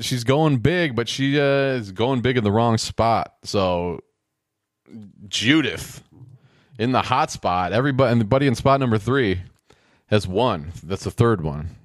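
A man's voice: mid-range voice, no echo, studio quality. A man giving casual play-by-play commentary on a game show, rambling with sarcastic, wisecracking asides.

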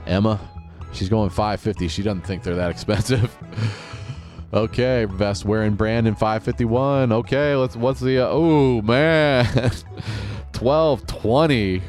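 A man's voice: on the low side, fairly even intonation, measured pace, darkish tone, faint music behind. A male podcast host giving joking, sarcastic play-by-play of a TV game show and chuckling often.

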